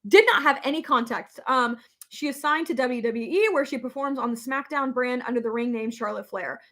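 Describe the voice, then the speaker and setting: A young woman talks casually to her viewers in a slightly high voice. She is chatty and openly emotional, laughs easily, and fills her sentences with ums and likes. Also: brisk, fairly bright tone. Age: young adult. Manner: chatty, emotional, laughs often, many fillers. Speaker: vlogger reading live chat. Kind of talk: casual chat.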